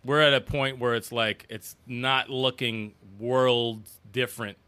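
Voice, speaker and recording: A man co-hosting a podcast in casual chat, excitable, repeating himself and breaking into laughing shouts. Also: mid-range voice, unhurried, clean tone. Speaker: podcast co-host.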